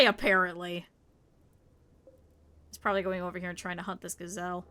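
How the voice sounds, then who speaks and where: A woman's voice: lowish voice, level tone, fairly quick, pushed and bright, smooth. A woman streamer commenting on her gameplay live, chatting with her viewers, scolding her characters and swearing freely.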